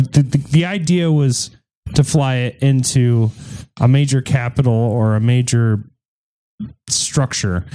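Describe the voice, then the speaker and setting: A podcast host with a mid-range, dark-toned voice tells a rambling, irreverent story full of jokes. He's chatting casually with friends.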